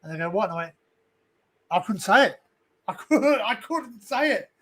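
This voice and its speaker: A man's voice: high voice, big pitch swings, normal speed, a bit bright. An Australian man hosting a livestream, telling a personal story candidly and emotionally, swearing freely. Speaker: livestream host. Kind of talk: casual chat.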